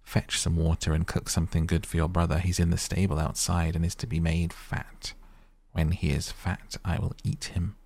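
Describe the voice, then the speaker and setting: A man's voice: low voice, little pitch movement, moderate pace, creaky, a little mellow, slightly rough, no echo, full character voice. A man reading as a wicked old witch. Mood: commanding. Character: wicked old cannibal witch, cruel and scolding.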